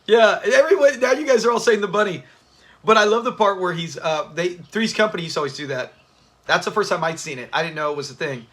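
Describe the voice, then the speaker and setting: Man, high bright voice, casual livestream host, laughs a lot, chats with viewers. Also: expressive, fast talker. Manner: chatty, laughs often, talks to the live chat. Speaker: channel host. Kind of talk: casual livestream watch-party chat.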